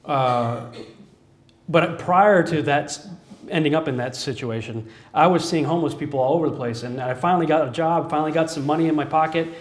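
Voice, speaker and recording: A man's voice: fairly high pitch, a little fast. A man giving an earnest personal testimony as a sermon, telling his story with frequent chuckles. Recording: echoey room.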